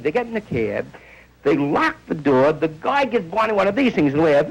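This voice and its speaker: A man's voice: a little high, very animated, a little fast, gravelly, husky, low-quality recording. A man doing a rambling stand-up comedy monologue, telling stories and acting out bits of dialogue.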